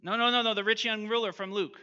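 A man's voice: high voice, steady tone, fast, bright, forceful tone, dull audio. A man teaching an interactive Bible lesson, questioning his class and reading scripture aloud.

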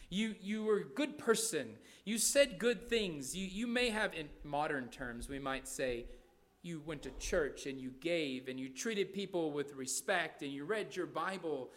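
A man's voice: high voice, fairly bright tone. A man preaching a sermon, emphatic, often checking in with "right?" and repeating his points. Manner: repeats phrases and restarts words.

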